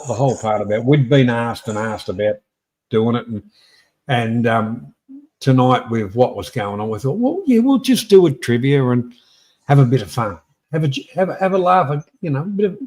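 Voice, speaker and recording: A man's voice: mid-range voice, a little mellow. An Australian man hosting a live trivia stream, chatting bluntly and rambling as he greets viewers by name. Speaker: livestream host. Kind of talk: casual live-stream chat.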